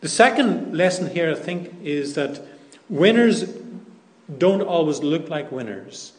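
A man preaching a sermon in a slightly high voice, unhurried and deliberate. He leans on repeated phrases, and his words ring in an echoey room. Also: sing-song.

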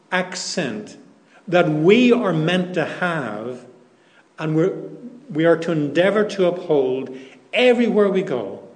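A man preaching a sermon, deliberate and emphatic, repeating key phrases for weight. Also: fairly high pitch. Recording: echoey room.

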